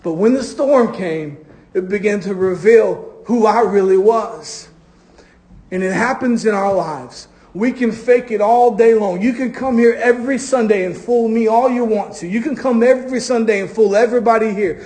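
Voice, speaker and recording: A man's voice: high-pitched, a little mellow. A man preaching a sermon to his congregation, stretching key phrases for emphasis. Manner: preaching with drawn-out emphatic phrases and acted quotes. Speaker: pastor. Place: church.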